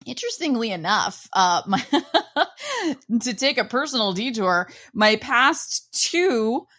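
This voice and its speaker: A woman's voice: on the high side, big pitch swings, slow pace, fairly bright tone. A woman hosting a podcast, telling personal stories in a chatty way and laughing as she goes. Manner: chatty, laughs through anecdotes. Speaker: podcast host. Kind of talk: casual podcast conversation.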